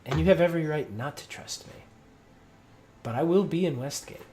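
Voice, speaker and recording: A game master voicing a calm secretive woman agent. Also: medium pitch, fairly quick, slight background noise, pitched above the performer's own voice, lightly acted. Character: secretive female undercover agent.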